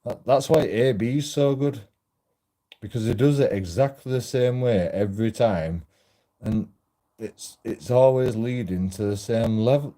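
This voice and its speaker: A man's voice: mid-range voice, a little slow, dark tone. A man rambling and swearing in a casual walk-and-talk monologue, often cutting himself off mid-sentence. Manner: rambling, profane, self-interrupting. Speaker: auditor vlogger. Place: outdoors while walking.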